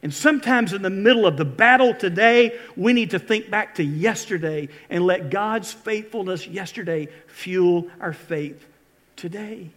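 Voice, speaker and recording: A male pastor with a notably high voice preaches to his congregation. He tells scripture stories in an animated way and leans hard on the key moments. His delivery sounds like a live church sermon. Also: a little slow. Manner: animated storytelling, retelling scripture with lively emphasis. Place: church service before a congregation.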